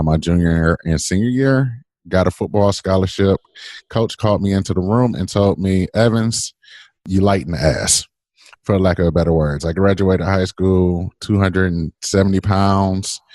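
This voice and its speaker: A man, telling his story as a podcast guest in a lively, laughing way. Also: sits low, normal speed, no room sound, clean studio sound. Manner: animated, laughing, acts out quoted voices. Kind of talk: casual storytelling.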